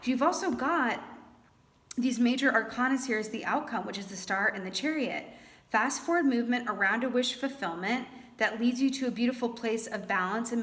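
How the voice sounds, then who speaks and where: A young woman reading tarot cards for her viewers in a chatty, animated way, thinking aloud with lots of fillers. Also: medium pitch. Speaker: tarot reader. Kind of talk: casual tarot reading to camera.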